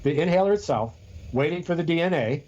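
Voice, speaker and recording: A man's voice: fairly high pitch, lively intonation, fast talker, darkish tone, lo-fi sound. A man co-hosting a podcast in casual chat, rambling and telling stories with frequent restarts. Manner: rambling, restarts often, storytelling. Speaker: podcast co-host.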